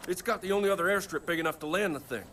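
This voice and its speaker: Brief: profane, bright-voiced game pilot, jumpy and loud-mouthed. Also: male voice, high-pitched, slight background noise. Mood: pleading. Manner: swears a lot, quick swings between panic and cheer. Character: desperate rural pilot, profane and excitable. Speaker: bush pilot.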